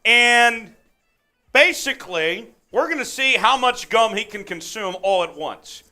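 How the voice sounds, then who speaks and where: Man, stream host, hyped, high voice, bright tone, faint music behind. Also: expressive, measured pace. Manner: amped, hyped, calls plays and reads chat. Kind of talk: live sports watch-along stream.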